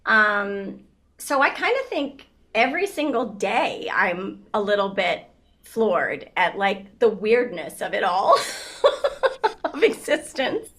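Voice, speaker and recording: A woman in her fifties, a guest in a casual interview, telling stories in an animated way with frequent laughter and many fillers. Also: mid-range voice, takes it slowly.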